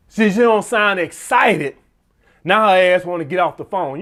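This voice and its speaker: Man, dating-advice vlogger, high lively voice, blunt and profane. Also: moderate pace. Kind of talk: casual profane monologue.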